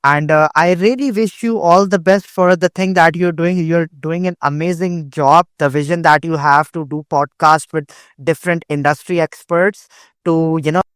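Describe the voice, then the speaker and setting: A man's voice: fairly high pitch, fairly even intonation, moderate pace, a bit bright, clean tone, no room sound, studio quality. A young man from Pakistan, a guest on an interview show, telling his career story in an earnest, casual way, often restarting phrases. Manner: earnest, with frequent repeated starts. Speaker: guest, digital marketing agency owner.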